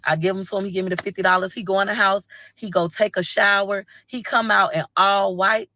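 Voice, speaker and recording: A woman's voice: mid-range voice, brisk, a little hiss or hum. Blunt, profane woman telling a story. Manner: blunt, profane, animated retelling with acted-out quotes. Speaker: TikTok live streamer. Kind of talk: casual storytelling to live viewers. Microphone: phone.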